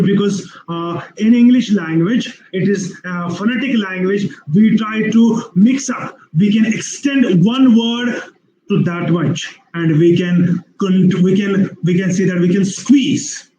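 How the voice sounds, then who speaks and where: A man giving an online webinar lecture on English skills, explaining slowly with repeated phrases and drawn-out spoken examples. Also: sits high, mellow, reverberant, muffled recording, slight background noise.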